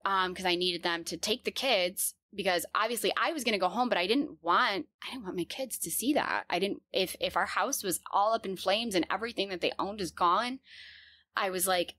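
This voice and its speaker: A woman in her thirties telling a personal story in an earnest, halting way, with many fillers and restarts. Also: medium pitch, pushed and bright, dry recording.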